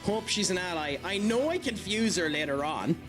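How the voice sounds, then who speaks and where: An Irish man on a live stream, talking with his viewers in a fairly high voice. He rambles and jokes easily, with plenty of fillers, while game music plays clearly underneath. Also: lively intonation, moderate pace. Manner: chatty and jokey, with many fillers. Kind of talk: live gameplay commentary, chatting with viewers.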